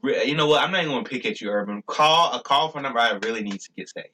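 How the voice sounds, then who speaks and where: Young man, YouTuber, bright forceful voice, rambling and stumbling casual vlog talk. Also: medium pitch, very fast. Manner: rambling and stumbling, with fillers and restarts.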